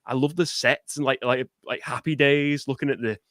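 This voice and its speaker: A man's voice: medium pitch, steady tone, normal speed, fairly bright tone, dry recording. A man talks casually about films as a guest on a live stream. He starts and restarts his sentences often. His voice sounds close and dry, with little room around it. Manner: hesitant, lots of fillers and restarts. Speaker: guest podcaster.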